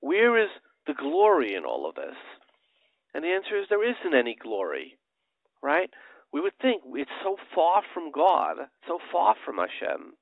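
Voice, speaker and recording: A man's voice: on the high side, huge pitch swings, measured pace, vocal fry, no echo. A middle-aged man, a rabbi, telling a story in a sermon and chanting Hebrew verses, sprinkling in Yiddish words. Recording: dry, tinny phone-line radio audio.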